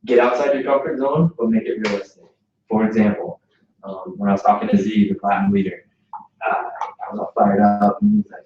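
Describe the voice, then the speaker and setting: Lively man giving a pep talk in an echoey room. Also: on the low side, slight background noise. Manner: energetic, joking, quick asides. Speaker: presenter at a business mixer. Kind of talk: motivational talk to a group. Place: indoor event space. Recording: echoey room from far off, dull sound.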